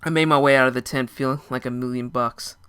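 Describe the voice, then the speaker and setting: A man's voice: mid-range voice, fairly even intonation, quick pace, fairly bright tone, clean tone. A young man narrating a first-person story in a casual, dramatic way. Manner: casual, dramatic, with short laughs.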